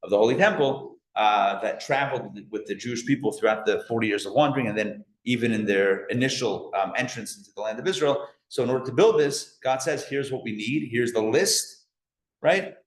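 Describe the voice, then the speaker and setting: A man teaching a live class as a rabbi, animated, asking the audience questions and joking along the way. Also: medium pitch, brisk. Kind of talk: lively live lecture. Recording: echoey room.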